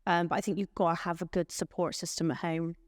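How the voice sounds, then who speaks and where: A woman's voice: fairly low pitch, flat delivery, quick pace, dry recording, studio quality, in a large hall. A woman, a care team manager chatting in an interview and acting out little exchanges. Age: late 20s. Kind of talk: casual interview answers.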